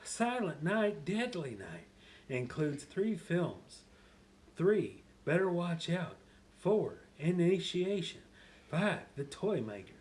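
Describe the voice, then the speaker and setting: A man doing a giddy character voice pitched well above his own, drawn out and loud. He reads slowly and gushes over every line. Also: big pitch swings, heavily acted.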